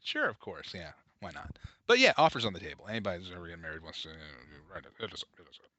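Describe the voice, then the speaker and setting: A man's voice: sits low, huge pitch swings, very fast, pushed and bright, dry recording. A man co-hosting a casual comedy podcast, rambling and self-deprecating, laughing often. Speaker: podcast co-host.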